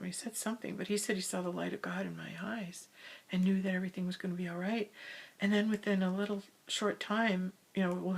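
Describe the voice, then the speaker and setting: A spiritual speaker with a gravelly, medium-pitched voice tells a personal spiritual story in a relaxed monologue. She records it in her home's hall, now and then falling to a soft whisper.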